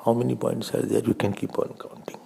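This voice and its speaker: An older man with an Indian accent giving a slow spiritual discourse as a swami, telling stories, asking questions and laughing often. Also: mid-range voice, little pitch movement, vocal fry, warm tone, husky.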